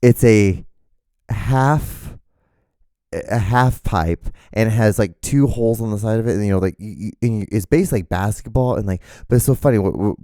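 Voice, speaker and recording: A man's voice: lowish voice, normal speed, mellow, no echo. A young man hosting a solo podcast, rambling in a profane, mock-outraged way. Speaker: podcast host.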